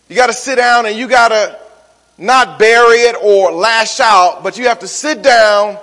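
A male pastor giving a sermon, swinging from loud emphatic calls to soft, weary asides. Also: high-pitched. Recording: long hall reverb.

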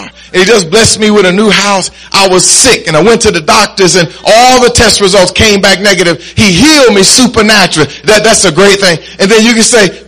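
High bright-voiced preacher man, calling out. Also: low-quality recording. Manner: call-and-response preaching, rising to shouts. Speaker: pastor. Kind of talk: sermon.

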